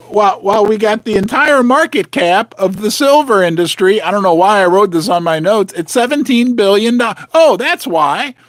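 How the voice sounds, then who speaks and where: A man's voice: high-pitched, fairly bright tone, dry recording, clean studio sound. A man hosting a casual, rambling commentary from his basement, talking straight to his viewers with sarcastic asides and muttering to himself. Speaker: host of a precious metals channel. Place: home basement.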